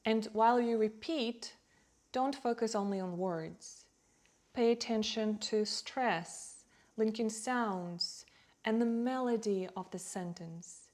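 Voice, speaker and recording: A woman teaching English who talks slowly and clearly, leaning on key words to show stress and rhythm for learners. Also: medium pitch, a little mellow. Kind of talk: slow, clear teaching delivery.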